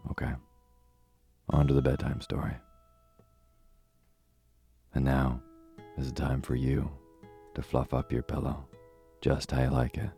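A young man reading a bedtime story in an extremely deep, flat voice, slow and calm. The voice is close and dry, with faint guitar music behind him. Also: gravelly. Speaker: bedtime story host and narrator.

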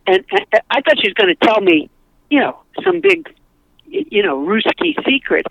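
Comedian guest, woman, gravelly and lively, rambling storyteller. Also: on the high side, moderate pace, no room sound, dull audio. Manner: rambling anecdotal storytelling with many restarts. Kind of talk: casual podcast chat.

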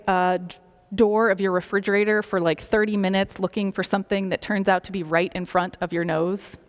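A woman gives a sermon in a slow, gentle, reflective voice, letting some phrases fall to a soft near-whisper. Her voice sits at a middle pitch for a woman. It carries the long reverb of a large hall. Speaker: preacher.

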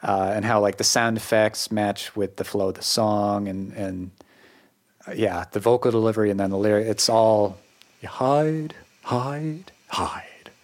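A man's voice: on the low side, normal speed. Chatty male podcast host. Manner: animated, talks in bursts with frequent "like" fillers. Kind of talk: casual chat.

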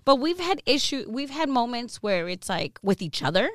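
A woman radio host telling candid stories in a casual interview, animated and peppered with "you know what I mean" and swearing. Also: a little high, normal speed, dry recording, studio quality. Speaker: radio host, guest on a podcast.

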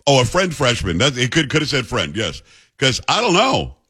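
A man's voice: medium pitch, wildly swooping pitch, normal speed, sharp tone, slightly rough. A male radio talk show host in casual, wry banter, mocking the clips he plays.

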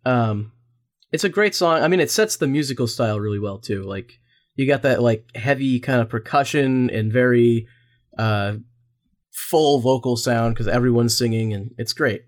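A man with a mid-range voice co-hosts a relaxed podcast about musicals. He talks in an easygoing, slightly halting way, with repeated starts and dry quips. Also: medium pitch. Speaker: podcast co-host. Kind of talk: casual chat.

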